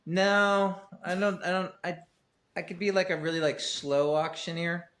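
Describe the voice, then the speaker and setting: A man's voice: sits high, steady tone, measured pace, fairly bright tone. A middle-aged man talking as a guest on a podcast, rambling and self-deprecating, swearing casually. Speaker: guest musician.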